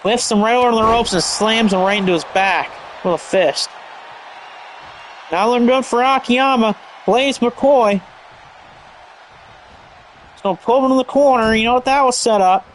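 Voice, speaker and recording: High-voiced excitable male commentator. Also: measured pace, pauses often, a little hiss or hum. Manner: energetic, bursts into shouts at big moves; stumbles over move names and corrects himself. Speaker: play-by-play commentator.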